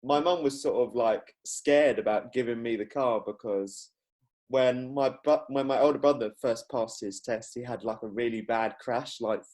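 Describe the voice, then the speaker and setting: A man's voice: medium pitch, moderate pace, a little mellow. A young man, hosting a podcast in casual chat, rambling and laughing often as he acts out quotes. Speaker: podcast host.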